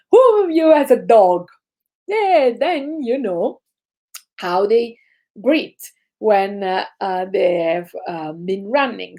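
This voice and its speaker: Italian-accented woman, laughter yoga teacher, mellow tone, slightly high voice, on a video call. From Italy. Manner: energetic, instructive, chanting ho ho ha ha. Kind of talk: guided group exercise session.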